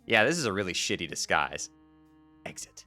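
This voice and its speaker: A man streaming, reading a webcomic aloud to his chat, animated and quick to swear and rant. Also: deep voice. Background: faint background music.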